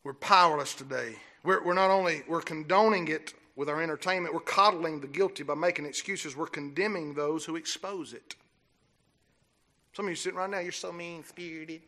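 A man preaching a sermon, swinging from low, steady talk into fiery shouting. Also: normal speed. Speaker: pastor.

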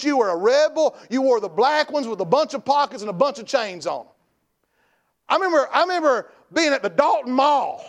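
A man in his thirties with a Southern US accent, preaching a Sunday evening sermon in a folksy, joking, plain-spoken way. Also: very high-pitched. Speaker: pastor.

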